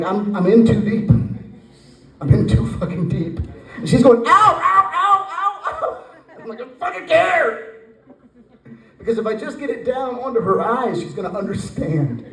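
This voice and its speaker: A man in his forties tells a rambling stand-up story, slipping into acted voices along the way. His voice sits a little high for a man. It is heard from some distance in a roomy, echoing space. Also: warm tone. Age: 40s. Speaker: stand-up comedian. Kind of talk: stand-up comedy set. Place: brewery stage with live audience.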